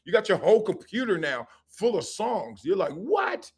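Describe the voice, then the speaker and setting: A middle-aged man hosts a live sports stream, a former player telling stories. His voice sits a little above the usual pitch for a man and stays lively and joking, with quick asides. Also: slightly rough. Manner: animated storytelling with laughs and quick asides. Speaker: sports show host, former football player.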